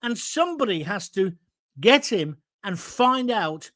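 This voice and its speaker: A man's voice: high-pitched, sing-song, unhurried, fairly bright tone. A man hosting his own show, delivering a combative, sarcastic political rant. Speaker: host.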